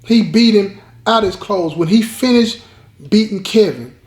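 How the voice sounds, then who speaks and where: Male storyteller host, emphatic and repetitive, fairly high voice, echoey room. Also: a little slow, a little mellow. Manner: emphatic, repeats lines, addresses audience. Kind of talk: dramatic storytelling to viewers. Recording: roomy echo.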